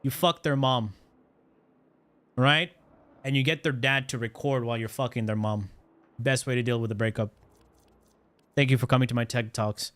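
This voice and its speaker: A man's voice: mid-range voice, steady tone, normal speed, pauses often, fairly bright tone, dry recording. A man streaming a game, cracking crude jokes and rambling with repeated words. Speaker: gaming streamer. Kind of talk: live game commentary.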